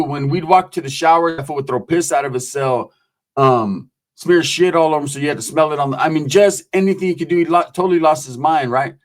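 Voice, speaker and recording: Profane streetwise man telling prison stories. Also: a little high. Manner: profane, streetwise, acts out voices in quotes. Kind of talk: casual storytelling.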